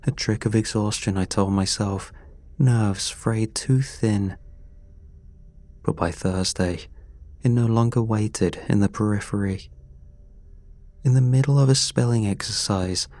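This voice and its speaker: Slow, low-voiced man narrating horror. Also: a little mellow, no room sound. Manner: slow, measured, grim delivery. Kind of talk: scripted horror story narration. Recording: dry close voice over faint music. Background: faint music.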